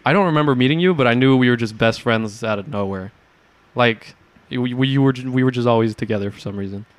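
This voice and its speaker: A man's voice: mid-range voice, quick pace. A young man in a casual chat with old friends, joking and full of fillers. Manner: relaxed, joking, filler-heavy.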